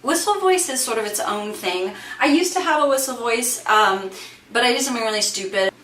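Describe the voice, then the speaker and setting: A woman singer and voice teacher talks through her vocal range in a relaxed, thinking-aloud way, full of "like" and "sort of". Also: on the high side, fairly quick. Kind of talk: casual vocal demonstration. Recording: echoey room, distant mic, faint hiss.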